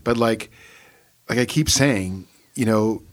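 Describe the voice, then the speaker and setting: A man's voice: fairly low pitch, slow. A man, a pastor, in casual podcast talk, rambling with many fillers and reading scripture aloud.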